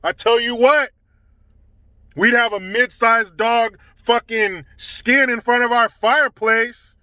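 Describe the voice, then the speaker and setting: A man's voice: high-pitched, bright, forceful tone, dry recording. A man telling a casual story to camera, indignant and swearing heavily. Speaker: storytelling vlogger.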